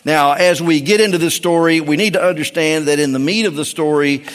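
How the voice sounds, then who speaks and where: Emphatic preacher in a reverberant hall. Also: male voice, on the high side, fairly quick, fairly bright tone. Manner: folksy, emphatic, with frequent restarts. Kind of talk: sermon.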